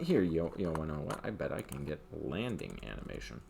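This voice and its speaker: An older man giving a casual rant about a video game, swinging between loud outbursts and muttered asides. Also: very deep voice, wildly swooping pitch, brisk, creaky, slight background noise. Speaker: gaming commentator.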